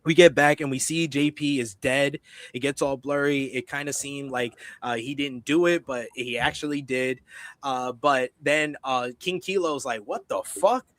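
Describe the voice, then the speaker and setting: A man co-hosting a TV review show, recapping an episode in a casual, animated way and acting out the characters' lines. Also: mid-range voice, normal speed, no echo.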